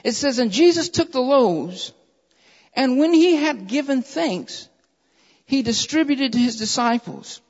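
A man preaching a sermon who reads scripture aloud in a measured way and presses his points with repeated phrases, calling his listeners beloved. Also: very high-pitched, expressive. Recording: dull lo-fi recording in a reverberant hall.

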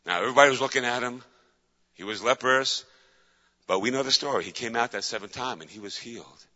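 Fervent male preacher, dramatic storyteller; bright, forceful tone, dull lo-fi recording. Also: mid-range voice, quick pace. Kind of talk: sermon. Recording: dull lo-fi with long hall reverb.

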